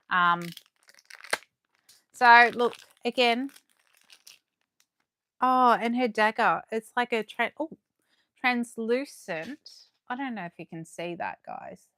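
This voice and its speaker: A woman chatting excitedly to viewers as she unboxes collectibles live, her voice going a little hoarse. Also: medium pitch, no echo. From Australia. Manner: chatty and excitable, gasping and laughing, talking to viewers. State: losing her voice. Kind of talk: casual live unboxing chat.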